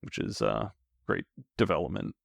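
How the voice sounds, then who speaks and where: A man's voice: deep voice, big pitch swings, normal speed, creaky, dry recording, clean studio sound. A man co-hosting a podcast, casually analyzing an episode's characters with the odd comic aside. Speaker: podcast co-host. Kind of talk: casual chat recapping an episode.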